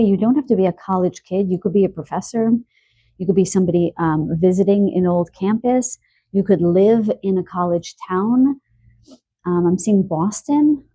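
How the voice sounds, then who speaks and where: A woman giving an intuitive love card reading, musing aloud with soft laughs and a slightly stuffy nose. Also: lowish voice, no room sound. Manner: musing, stream-of-consciousness, frequent soft laughs. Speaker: tarot card reader.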